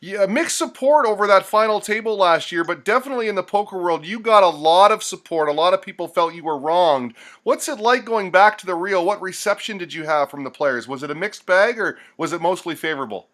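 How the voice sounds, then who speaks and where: A man asks long, winding interview questions. His voice sits slightly higher than most men's. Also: lively intonation, fairly quick, few pauses, fairly bright tone.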